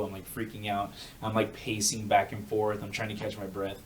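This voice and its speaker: A man's voice: fairly low pitch, fairly quick, few pauses, roomy sound, far from the mic, a little hiss or hum, rough recording. A man on a podcast telling a story casually, acting out quotes and laughing as he goes. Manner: animated, acts out quotes, laughs. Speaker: podcast co-host.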